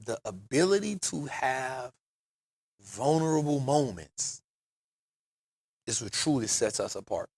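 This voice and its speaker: A man's voice: mid-range voice, animated, slow pace, creaky, pauses often, a little mellow, breathy edge, no room sound. A man, telling stories emphatically on a casual podcast, often saying "bro" and "real talk". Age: 40s. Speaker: podcast host.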